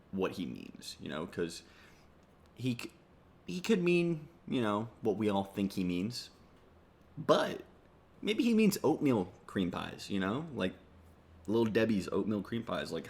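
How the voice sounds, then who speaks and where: Low-voiced sarcastic young man. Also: very animated, a little slow, gravelly. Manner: sarcastic, rambling, swears freely. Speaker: comedy YouTuber. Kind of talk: casual comedic commentary.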